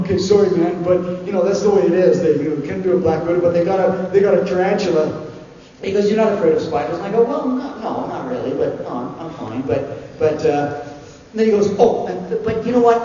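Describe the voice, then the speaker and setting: A man who is a guest at a convention panel tells a comic anecdote on stage, animated and laughing, acting out what others said. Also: high-pitched, a little fast. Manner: animated, laughing, acts out quotes. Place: large convention hall before an audience. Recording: echoey hall, distant mic, dull sound, audience noise.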